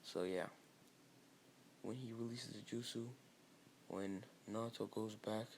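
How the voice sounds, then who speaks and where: A man narrates an improvised fan story in a loose, rambling way, often restarting his sentences. His voice sits low with a gravelly creak. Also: fairly even intonation, measured pace, a little mellow, a little hiss or hum. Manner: rambling, with many fillers and restarts.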